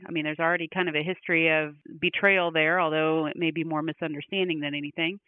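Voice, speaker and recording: A man's voice: a little high, flat delivery, quick pace, clean tone, no echo. A man co-hosting a casual fan podcast, agreeable and upbeat. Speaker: podcast co-host. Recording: phone-like tinny sound.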